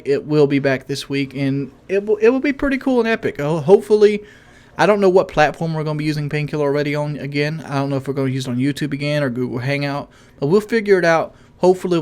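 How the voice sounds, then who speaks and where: A young man giving casual gaming commentary, rambling and correcting himself, in what he calls a monotone voice, often asking viewers questions. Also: a little high, racing, hardly any pauses, smooth. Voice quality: self-described monotone voice.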